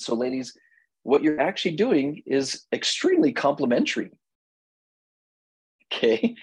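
A man with a slightly husky, mid-pitched voice leads a marriage class as its instructor. He tells stories and acts out both sides of his exchanges with his wife. The sound is dry and close, with no room around it. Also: no room sound, low-quality recording. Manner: animated storytelling, acting out dialogue with his wife. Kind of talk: lecture to a class.

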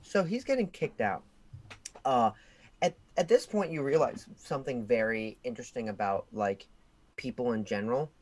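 A young man co-hosts a casual podcast chat, spinning a long story. He talks in an animated way and his voice jumps up high and loud whenever he acts out what others shouted. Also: normal speed. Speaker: podcast co-host.

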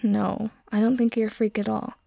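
A woman voicing a gentle teenage boy who speaks softly and reassuringly. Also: mid-range voice, flat delivery, normal speed, gravelly, dry recording. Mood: soothing. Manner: soft, soothing, reassuring.

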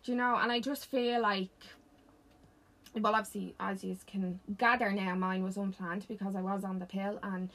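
A woman's voice: mid-range voice, level tone, fairly bright tone. A woman with a Dublin accent, co-hosting a casual chat and telling stories bluntly and with plenty of swearing. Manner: blunt, swears freely, tells stories fast. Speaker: podcast co-host.

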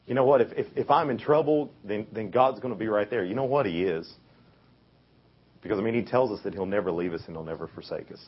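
A young man with a deep, husky voice talks to a youth group like he is chatting with friends, restarting phrases and tossing in fillers as he goes. The recording sounds dull and lo-fi. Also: fast. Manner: casual, conversational preaching with many fillers and restarts. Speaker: youth speaker. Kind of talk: youth sermon.

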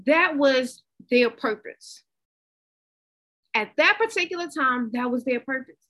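A woman giving a conversational, animated inspirational talk, repeating herself for emphasis. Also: sits high, a little slow, low-quality recording. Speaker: motivational speaker.

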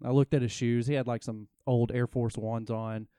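Mellow-voiced man telling a rambling story. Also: mid-range voice, little pitch movement, normal speed, smooth, no echo, studio quality. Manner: rambling, self-interrupting storyteller. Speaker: podcast co-host. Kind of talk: casual storytelling chat.

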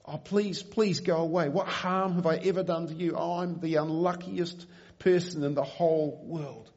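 A man's voice: high voice, fairly even intonation, fairly quick, vocal fry, highs cut off, pitched above the performer's own voice. A man reading aloud and voicing a frightened orphan boy who pleads in a near scream. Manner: panicky, pleading.

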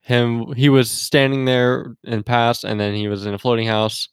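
A man's voice: mid-range voice, level tone, moderate pace, clear, resonant tone, no echo, studio quality. A man appearing as a guest on a casual podcast, talking hesitantly with many fillers and restarts.

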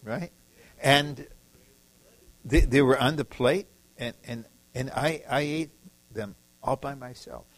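A man's voice: medium pitch, slow, fairly bright tone, poor audio. A man from the Detroit area preaching a sermon, emphatic and repetitive, acting out short quoted lines. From Detroit area, USA.

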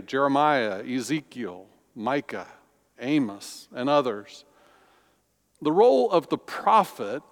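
Pastor, male, slightly high voice, unhurried sermon delivery, big echoing church. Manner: slow, deliberate preaching with emphatic pauses. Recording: long reverb of a large hall.

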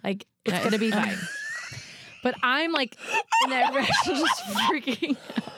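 A woman's voice: moderate pace, very noisy. A woman in her thirties telling a story in casual chat, her voice leaping up when she acts out her own panic. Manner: animated storyteller, voice jumps high when acting out panic.

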